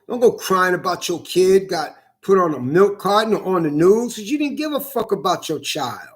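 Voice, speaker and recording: A man's voice: high-pitched, fairly bright tone. A man delivering a heated, profane monologue, repeating himself as he rants. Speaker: vlogger. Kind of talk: angry ranting monologue.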